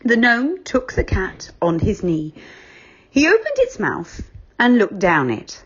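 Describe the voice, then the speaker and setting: A woman reading a children's book aloud, expressive and unhurried. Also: medium pitch, husky, dull audio.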